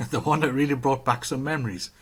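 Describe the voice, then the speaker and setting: A man co-hosts a relaxed podcast, his voice sitting at an ordinary pitch. He chats and jokes easily, reading out viewer comments as he goes. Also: normal speed, slightly rough. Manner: chatty, joking, reads out comments. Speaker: podcast co-host. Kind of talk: casual chat.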